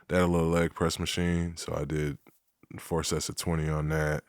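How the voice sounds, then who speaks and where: A man speaking as a podcast guest, measured and candid, with a dry sense of humor. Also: very deep voice, flat delivery, no room sound. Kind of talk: casual interview chat.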